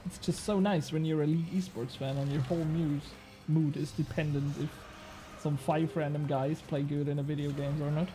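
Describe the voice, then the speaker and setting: A man's voice: on the high side, flat delivery, moderate pace, warm tone. A young man streaming a game, chatting casually and bantering with his chat, swearing now and then.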